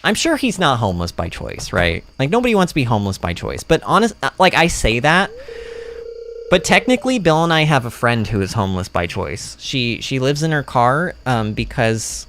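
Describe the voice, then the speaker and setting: A man rambles through game commentary on a livestream, often poking fun at himself. His pitch jumps around constantly. He speaks into a streaming microphone. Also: moderate pace. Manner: rambling, animated and self-deprecating.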